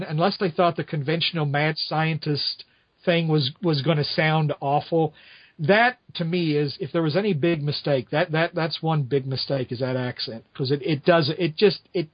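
In a muffled recording without room sound, a man with a fairly high voice speaks at a moderate pace. He's a podcast host reviewing a musical, casually rambling about his views with many restarts and side comments.

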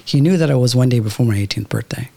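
A man's voice: mid-range voice, fast, creaky, a little mellow. A man in his thirties from Southern California, casually telling a reflective, spiritual story with lots of "like" and "you know". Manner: reflective, spiritual, many fillers like "like". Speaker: podcast guest.

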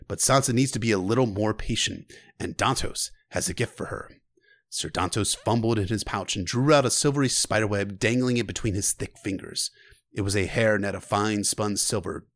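A man's voice: on the low side, dry recording. A man casually recapping a book, with swearing asides.

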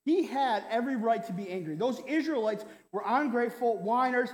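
A male pastor delivering a sermon in an animated, conversational way, peppering it with "right?" asides and mock quotes. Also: very high voice, a little fast. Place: church hall. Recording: roomy hall with long reverb.

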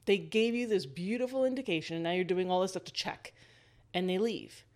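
Lively woman with a lowish voice. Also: brisk. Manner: lively, laughs often, talks the listener through a scene. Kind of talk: casual storytelling monologue.

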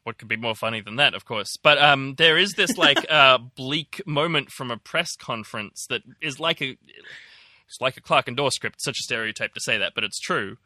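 A man's voice: mid-range voice, normal speed, bright, forceful tone, dry recording, clean studio sound. A young man co-hosting a casual news podcast, rambling with lots of "like" and a wry tone. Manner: rambling, many likes, wry. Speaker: podcast co-host.

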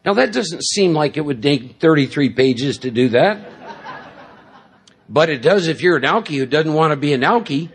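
A man's voice: on the high side, expressive, normal speed, slightly rough. A middle-aged man giving a talk at a recovery meeting, telling stories in a rambling, self-deprecating way with many fillers. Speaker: recovery speaker. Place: large meeting hall.

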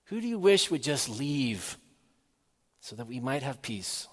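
Man, preacher, sermon, earnest measured delivery, rhetorical questions, long hall reverb. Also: medium pitch, big pitch swings, fairly bright tone, husky.

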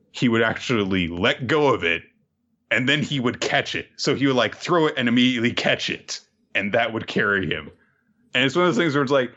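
A man's voice: medium pitch, pushed and bright, muffled recording. A man co-hosting a casual chat, animatedly retelling a story and acting out the quotes. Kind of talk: casual chat recapping a show.

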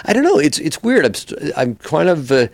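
Man, comedian, voice actor, animated storyteller, character voices, dry sound. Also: fairly high pitch, normal speed, creaky, dry recording. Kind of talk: casual interview chat.

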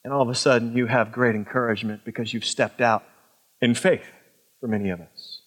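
A middle-aged man preaching a sermon as pastor, swinging from emphatic high lines to low, quiet asides. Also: steady tone, brisk.

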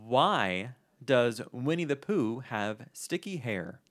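A man's voice: medium pitch, sing-song, takes it slowly, a bit bright. A man co-hosting a casual podcast, playfully telling corny jokes. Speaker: podcast co-host.

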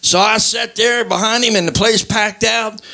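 Man, high voice, church testimony, fervent and emphatic, emotional, near tears. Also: steady tone, normal speed, creaky, sharp tone. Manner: fervent, emphatic storytelling with repeated exclamations. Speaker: guest telling his testimony.

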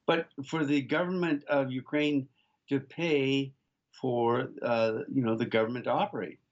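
A man's voice: mid-range voice, steady tone, measured pace, highs cut off. An older man co-hosting a talk radio show, making emphatic political points to listeners and stumbling through frequent restarts. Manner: emphatic, restarts often, addresses listeners as folks. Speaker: radio co-host. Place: remote location, off-site from studio.

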